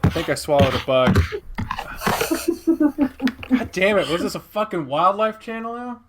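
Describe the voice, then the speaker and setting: Young male host, slightly high voice, relaxed and foul-mouthed, reading listener questions on a video call. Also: normal speed, heavy background noise. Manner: laid-back and profane, laughs easily. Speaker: podcast host. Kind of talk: casual online interview.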